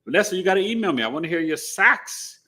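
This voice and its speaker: A man's voice: high-pitched, quick pace. Emphatic New man hosting a stream. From New York City. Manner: animated, emphatic, slangy, boastful. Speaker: astrology show host. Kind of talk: casual live-stream chat.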